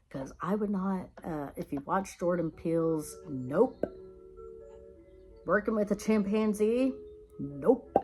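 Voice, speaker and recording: A woman vlogger chats casually to camera, spinning rambling stories with lively energy and bursts of laughter. Her voice sits a little on the low side, and soft music plays faintly underneath. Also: low-quality recording. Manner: rambling, animated storytelling with laughs. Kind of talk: casual chat.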